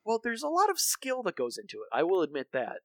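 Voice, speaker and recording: His high voice swings hugely in pitch as he rattles along fast, a fairly bright tone with no room sound. He's a podcast co-host casually rambling through a cartoon episode recap, with many fillers and false starts.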